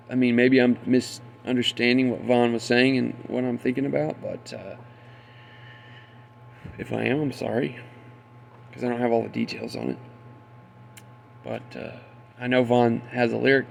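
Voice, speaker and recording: A man rants in a loose, rambling monologue, swearing freely and getting worked up. His voice has a gravelly edge at a middle pitch. A faint hiss sits under the recording. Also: flat delivery, moderate pace, long pauses. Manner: profane, indignant, loses his train of thought. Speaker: conspiracy commentator.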